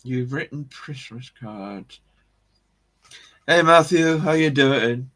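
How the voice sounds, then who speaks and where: A man's voice: medium pitch, slow pace, fairly bright tone. A man hosting a casual live stream, rambling about history, correcting himself and chuckling as he greets viewers.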